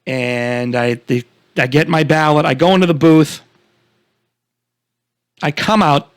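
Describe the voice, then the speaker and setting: A young man co-hosting a podcast, spinning a long story with swearing and quick bursts of laughter. His voice sits a bit high and jumps around a lot as he tells it. The sound is close and dry, with no room behind him. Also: steady tone, clean tone, dry recording. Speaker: podcast co-host. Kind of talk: casual chat.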